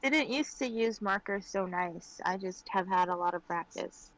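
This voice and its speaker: A woman's voice: medium pitch, moderate pace, poor audio. Woman giving short dry replies. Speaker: co-streamer. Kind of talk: casual chat.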